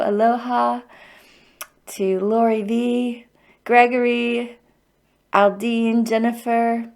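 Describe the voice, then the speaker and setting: Leading a guided tapping session on a livestream, this middle-aged woman speaks with warmth, open emotion and encouragement as host of the EFT circle. Her voice sits a little high and sounds a little mellow.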